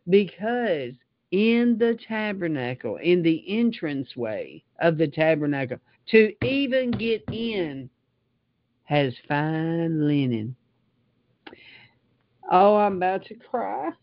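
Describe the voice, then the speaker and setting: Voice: medium pitch, no room sound, lo-fi sound. An older Bible teacher reading scripture aloud and stopping often for heartfelt asides.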